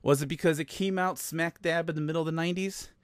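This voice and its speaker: A man's voice: fairly high pitch, steady tone, fast talker, clear, resonant tone, no room sound, studio quality. An American man hosting a podcast, telling the story in a casual monologue full of sarcastic asides. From United States. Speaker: podcast host.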